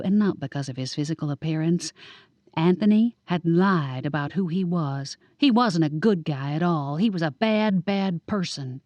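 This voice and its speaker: Speaking at a moderate pace in a slightly low voice, a woman narrates a first-person audiobook with wry, lively storytelling. It's scripted narration recorded close and dry in a booth, with no room sound at all.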